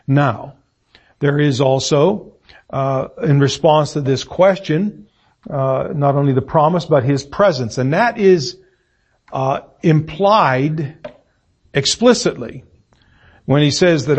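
A middle-aged man preaching an evening sermon in a church room, reading scripture and stressing words deliberately with fillers and pauses. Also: fairly high pitch, breathy edge. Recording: muffled lo-fi sermon recording.

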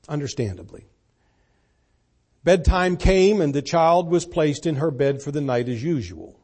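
A man preaching a sermon, pressing key points hard and then dropping to a soft, hushed voice. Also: mid-range voice. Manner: emphatic, swings from loud to soft.

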